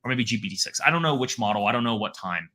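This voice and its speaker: A man's voice: medium pitch, lively intonation, fast talker, pushed and bright. A man speaking as a guest analyst in a casual interview, talking in rambling runs full of restarts and fillers.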